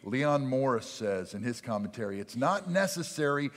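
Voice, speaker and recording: A man preaching an earnest sermon in a mid-range voice. He pushes some lines hard and lets others fall to a near hush for weight. His voice carries the long reverb of a church sanctuary. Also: medium pitch, lively intonation, normal speed. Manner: earnest preaching, dynamic volume, drops to quiet for emphasis. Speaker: pastor.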